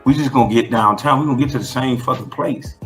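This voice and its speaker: A man's voice: medium pitch, fast, over music. A man being interviewed who talks in a blunt, emphatic way and swears freely. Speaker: interview guest. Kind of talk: casual conversational interview.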